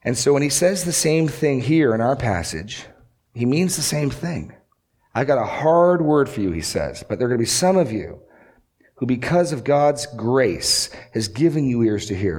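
A man's voice: mid-range voice, lively intonation, moderate pace, a little mellow. A male pastor preaching an earnest sermon, asking rhetorical questions and repeating key lines for emphasis.

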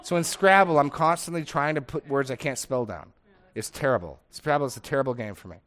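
A man's voice: mid-range voice, a little fast, a bit bright. A middle-aged man leading a casual Bible study discussion, chatty and digressive, laughing often as he talks.

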